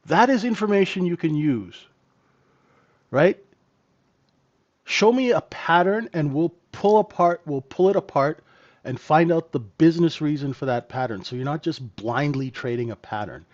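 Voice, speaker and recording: A man's voice: a little high, moderate pace, darkish tone. A man teaching live in a trading room, blunt and emphatic, tagging sentences with "right?". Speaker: trading mentor. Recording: dull lo-fi stream audio.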